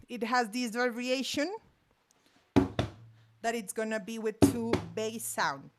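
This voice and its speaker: In a percussion master class, a Spanish-speaking teacher from Colombia voices rhythm syllables aloud while she plays. She speaks a little slowly, her voice a bit high and steady, with hand drums and percussion sounding in the background.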